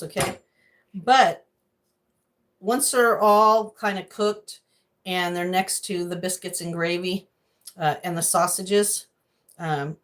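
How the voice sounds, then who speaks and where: A middle-aged woman chatting casually on a livestream while cooking in her home kitchen, greeting viewers by name and wandering into rambling asides. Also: fairly low pitch.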